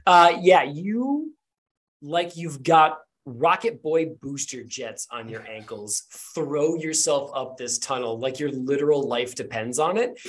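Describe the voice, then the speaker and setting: A man's voice: medium pitch, unhurried, hardly any pauses. A man narrating a tabletop game as game master, with rambling, filler-heavy storytelling.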